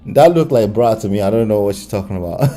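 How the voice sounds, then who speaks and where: A man's voice: on the low side, fairly even intonation, quick pace, mellow. A man hosting a reaction commentary, talking casually with exasperated asides. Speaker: commentary channel host.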